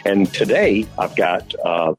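A man's voice: low voice, expressive, takes it slowly, soft background music, poor audio. A man hosting a talk radio show, interviewing a guest with emphatic, leading questions.

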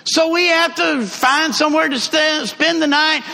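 A man preaching a sermon, telling a travel story with lively emphasis and repeated phrases. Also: extremely high pitch, unhurried, gravelly. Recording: long hall reverb.

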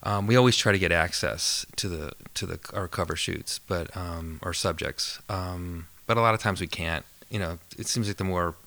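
A man, a photographer and filmmaker, talks in a relaxed, thoughtful way as a podcast guest and tells amused stories. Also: sits low, moderate pace, vocal fry, few pauses, no room sound. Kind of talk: casual podcast interview.

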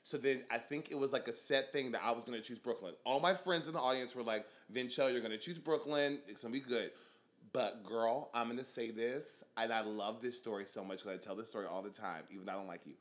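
A young man chatting on a podcast, his voice bright and forward. He tells his stories with animated energy, laughing often and swearing freely. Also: medium pitch, quick pace, few pauses. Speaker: drag queen guest. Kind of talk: casual podcast chat.

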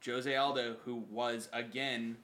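A man's voice: medium pitch, level tone, slow, fairly bright tone. A man hosting a casual podcast chat, emphatic and opinionated, swearing freely. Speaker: podcast host.

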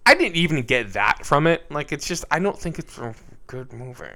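A man co-hosting a film podcast in casual chat, animated and full of "like" and "bro". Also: fairly high pitch, normal speed. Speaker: podcast co-host.

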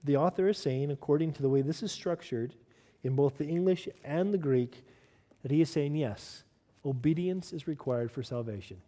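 A pastor delivers a sermon in a voice that sits on the high side for a man. He talks in an emphatic, direct way and keeps putting pointed questions to his listeners. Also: normal speed, dark tone.

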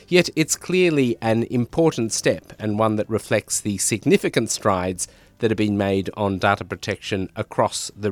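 A man with a slightly raspy voice from a cold, hosting a news podcast in a formal, measured way. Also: lowish voice, dry recording. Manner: formal, measured presenter delivery. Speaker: podcast host, senior editor. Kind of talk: scripted news podcast interview.

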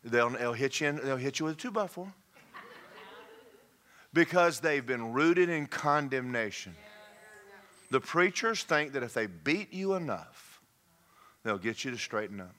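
A man preaching a sermon in an animated way, shouting, laughing and putting on mocking voices. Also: medium pitch, measured pace, long pauses.

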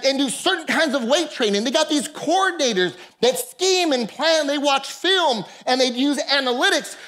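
A man preaching a sermon as pastor of a church service, impassioned, breaking into shouts and calling out to the congregation. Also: very high-pitched.

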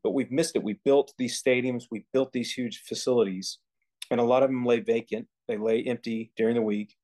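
Earnest man with halting restarts. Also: mid-range voice, fairly even intonation, a little mellow. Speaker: podcast co-host. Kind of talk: casual faith conversation.

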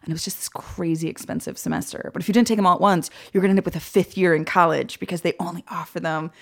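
Gravelly low-voiced woman telling stories. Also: rapid-fire. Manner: animated storyteller, acts out quoted voices, laughs often. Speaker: guest, film director. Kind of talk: casual podcast interview storytelling.

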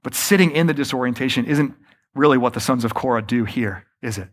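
A man preaching a sermon, often slowing down to stress his points and calling the listeners friends. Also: medium pitch. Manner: varies pace and loudness, slows for emphasis. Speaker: pastor.

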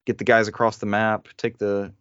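A man's voice: on the low side, level tone, moderate pace, fairly bright tone, smooth, dry recording. A man hosting a casual gaming podcast, reading lists of upcoming games aloud with joking asides. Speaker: podcast host. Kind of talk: casual chat, reading game news. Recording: dull dry studio sound.

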